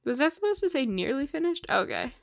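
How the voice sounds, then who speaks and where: A woman's voice: high-pitched, big pitch swings, brisk, gravelly, dry recording. A young woman chatting casually while livestreaming a game, rambling with lots of fillers and laughs, sleepy and yawning. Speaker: streamer.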